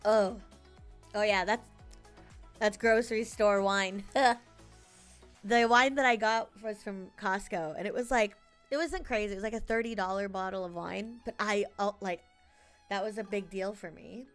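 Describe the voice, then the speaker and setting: A woman's voice: mid-range voice, steady tone, normal speed, a bit bright, soft background music. A woman streamer chatting casually with her live chat, laughing often and thanking viewers by name.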